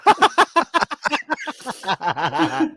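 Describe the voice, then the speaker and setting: A man, co-hosting a watch-along podcast and reacting loudly and excitably to the film, with plenty of swearing. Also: extremely high pitch, drawn-out words. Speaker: podcast co-host. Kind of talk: casual watch-along chat.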